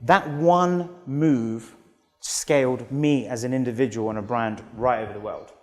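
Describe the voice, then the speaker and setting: A British man in his thirties giving an energetic motivational keynote in a large auditorium, telling stories with acted-out quotes. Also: medium pitch, unhurried. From United Kingdom. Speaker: motivational speaker. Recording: long hall reverb.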